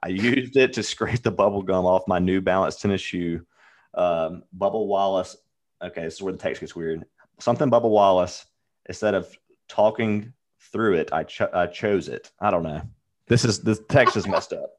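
A man with a very deep voice co-hosting a racing betting podcast. He chats in a loose, laid-back way, answering listener calls. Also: moderate pace. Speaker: podcast co-host. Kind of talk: casual sports betting chat.

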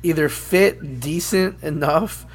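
A man's voice: on the high side, slow pace, a crowd in the background. A man joking and laughing his way through casual podcast banter. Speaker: podcast co-host.

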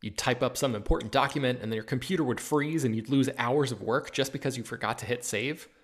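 A man reading a sponsor ad in an upbeat, scripted way. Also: medium pitch. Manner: upbeat, spells out web address slowly. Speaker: ad read by podcast host. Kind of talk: read sponsor ad.

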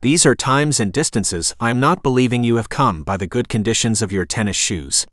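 A man voicing a confident, eerie stranger who speaks in formal, oddly worded phrases with calm menace. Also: mid-range voice, fairly quick, no echo, clean studio sound, close to an everyday voice. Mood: calm menacing.

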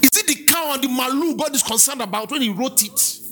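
Man, Nigerian accent, pastor, church sermon, bright forceful voice, faint music behind. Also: very high-pitched, quick pace. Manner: lively, preaching with asides, chanted scripture and mimicry.

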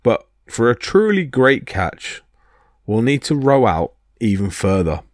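A man's voice: mid-range voice, sing-song, unhurried, dry recording, studio quality. A man voicing a brash, boastful male thunder god who talks bluntly and cockily. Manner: blunt and cocky.

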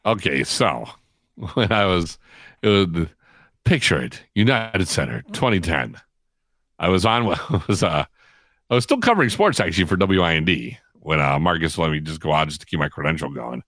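Deep-voiced man telling a story. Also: normal speed, no echo. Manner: animated, laughing, acts out quotes. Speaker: guest storyteller. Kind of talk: casual storytelling.

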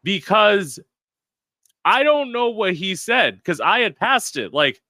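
A man's voice: sits high, big pitch swings, takes it slowly, sharp tone, dry recording. A young man as an interview guest, telling a personal story in a candid, dramatic and profane way.

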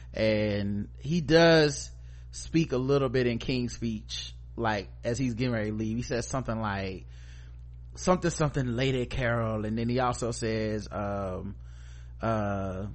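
Male podcast host, mid-pitched, joking, animated storyteller. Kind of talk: casual show recap.

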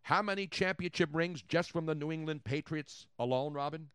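A man hosting a sports talk show, excitable and chatty, repeating his points for effect. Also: moderate pace, clean tone, dry recording, clean studio sound. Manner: excitable, repeats points, jumps in pitch and volume. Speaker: sports radio host.

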